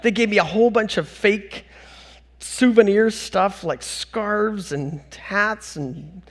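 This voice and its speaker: A middle-aged man from North America speaking as a conference speaker on stage, telling animated, self-mocking anecdotes with bursts of laughter. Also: high voice, slow pace. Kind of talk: storytelling keynote talk.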